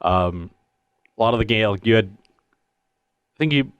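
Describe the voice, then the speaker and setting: A man co-hosting a casual chat, talking in a measured, thoughtful, hesitant way. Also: on the low side, animated, smooth, no echo, lo-fi sound. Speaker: co-host. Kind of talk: casual post-match chat.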